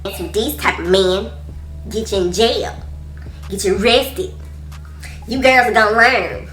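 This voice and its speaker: A woman voicing a condescending country man, an officer, who scolds in a slow, loud drawl with a rural Southern accent. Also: medium pitch, soft background music, lightly acted. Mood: scolding. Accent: Southern US rural, put on. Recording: echoey room.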